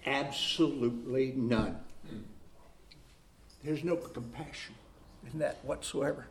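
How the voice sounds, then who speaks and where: A pastor preaching a sermon, repeating phrases for emphasis and reading scripture aloud with rising force. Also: male voice, medium pitch, slow pace, slight background noise. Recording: roomy echo.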